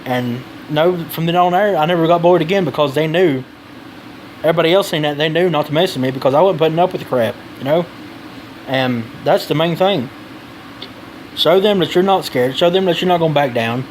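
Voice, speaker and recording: A man's voice: fairly high pitch, fairly quick, slight background noise, low-quality recording. A man giving blunt advice in a casual vlog, rambling and swearing freely.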